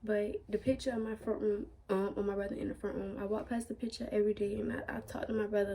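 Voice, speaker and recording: A young woman tells a personal story to her vlog audience while crying, her words halting and full of fillers. Her voice carries a gravelly creak, with a faint hiss under the recording. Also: mid-range voice, fairly even intonation, mellow. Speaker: vlogger.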